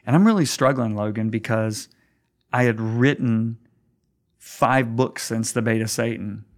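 Middle-aged man, a pastor telling a story, earnest and emphatic, mid-pitched voice that climbs when stirred. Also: measured pace. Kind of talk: storytelling in a conversation.

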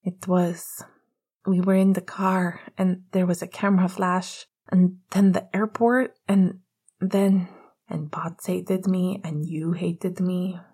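A woman softly voicing an anxious young man just woken from a nightmare, in a whispered role-play, shaky and pleading. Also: fairly low pitch, level tone, takes it slowly, husky, full character voice. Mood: shaken.

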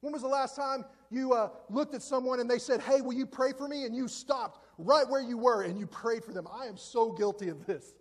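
High-voiced preacher man in a reverberant hall. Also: fairly quick, few pauses. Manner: conversational, joking, self-deprecating. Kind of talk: sermon.

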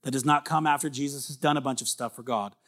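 A man in his thirties preaching a sermon in a conversational way, building to loud emphatic peaks. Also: medium pitch, steady tone, fast. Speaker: pastor.

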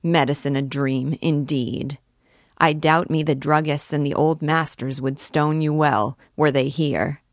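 A woman's voice: deep voice, steady tone, unhurried, no room sound. A woman reading a scornful, irritable physician. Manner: dry, scornful. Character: irritable male royal physician.

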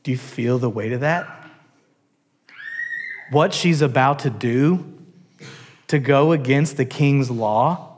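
A man preaching a sermon as a pastor, telling a story animatedly and acting out its characters. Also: mid-range voice. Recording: long church hall reverb.

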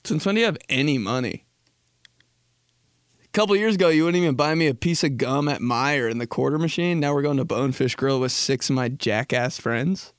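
A man's voice: medium pitch, fast talker, smooth, no room sound, studio quality. A man hosting a podcast who tells rambling comic stories in crude, casual talk and laughs often. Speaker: podcast host. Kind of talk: comedic storytelling chat.

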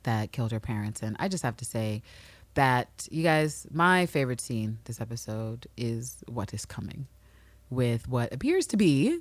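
Podcast co-host, woman, low and dry, lively and swearing in bursts. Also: normal speed, no echo. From New York City. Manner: animated, swears, bursts of excitement. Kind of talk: casual TV recap chat.

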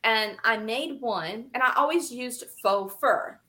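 A woman guest telling animated, laughing stories in casual conversation, often acting out what other people said. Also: fairly high pitch, slow.

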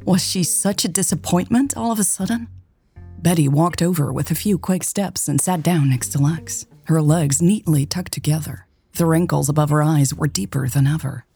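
A woman hosting a romance podcast and reading a story in a calm, measured way. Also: low-pitched, slightly rough. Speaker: podcast host and narrator. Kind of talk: audiobook story narration.

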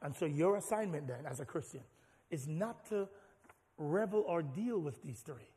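A man preaching a sermon as pastor, animated and rising to shouts. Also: fairly high pitch, moderate pace. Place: large church hall. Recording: long hall reverb.

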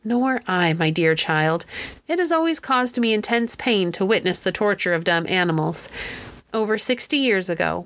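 A woman voicing a kindly older woman in her seventies who is gentle and fond of animals. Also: medium pitch. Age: 70s.

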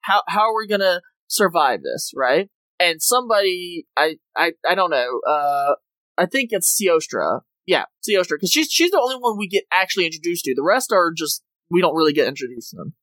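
A podcast host reviewing comic books in a casual, exasperated rant, full of "like" and quick asides. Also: medium pitch, sing-song, a bit bright, dry recording, low-quality recording. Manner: exasperated, ranting, heavy use of "like".

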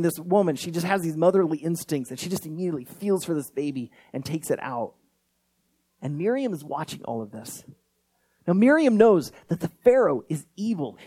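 A man preaching a sermon, telling a Bible story earnestly and closing in prayer. He rises to emphatic points and drops to quiet lines. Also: on the high side, no echo. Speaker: pastor.

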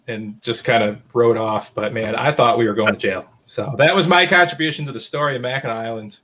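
A man host spinning a rambling, easygoing anecdote on a casual podcast. His voice sits at an ordinary middle pitch, and he leans on fillers and restarts. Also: lively intonation, brisk, few pauses, bright, forceful tone. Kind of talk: casual chat.

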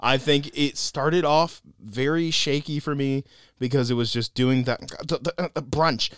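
A man co-hosting a casual podcast film review, animated and laughing often as he acts out lines he quotes. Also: medium pitch, moderate pace, smooth, dry recording, clean studio sound.

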